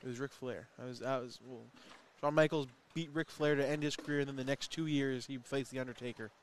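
A man's voice: mid-range voice, steady tone, slight background noise. A man doing casual, joking commentary on a cornhole match while he has the hiccups. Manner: chatty, joking, quick asides about the play. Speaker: play-by-play commentator.

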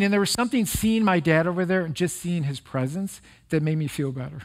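A middle-aged male pastor giving a conversational, earnest sermon that turns emotional during personal stories. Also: sits high.

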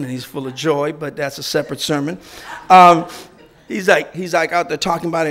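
A male preacher retells a story with animated, conversational energy. His voice sits high for a man. He delivers it as a storytelling sermon. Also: normal speed. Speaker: guest preacher.

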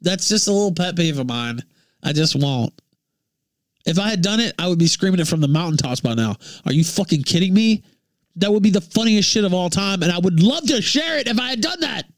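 A man from Memphis, ranting profanely on his livestream, jumping between shouts and low mutters. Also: animated, a little fast, dry recording, clean studio sound. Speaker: livestream host.

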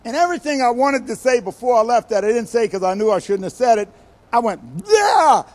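An older man preaching a sermon as a guest speaker, telling stories with animated bursts and quiet asides. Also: very high-pitched, fast talker. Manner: animated storytelling, acts out quoted voices with sudden loud bursts and quiet asides.

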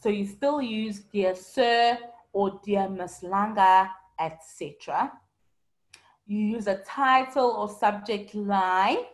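A woman's voice: medium pitch, slow pace. Patient woman teaching an online class. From South Africa. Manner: patient, explaining, answers students by name. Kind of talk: online lesson reading student comments.

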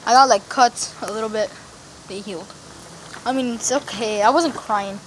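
A woman speaks into a self-facing phone camera in a yard near a road, vlogging casually and rambling with slang and heavy fillers. Her voice is a little high and a bit bright, at a moderate pace. The outdoor phone audio is poor, with street traffic and ambient outdoor noise.

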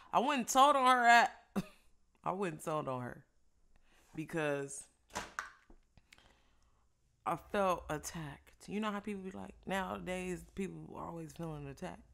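A young woman casually telling a story while eating, animated and profane, laughing often. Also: fairly low pitch, unhurried, gravelly, pauses often, background noise. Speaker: vlogger.

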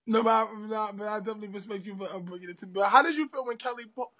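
A woman hosting an interview, asking halting questions and chiming in with short remarks. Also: mid-range voice, fairly bright tone. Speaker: host. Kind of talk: casual interview chat.

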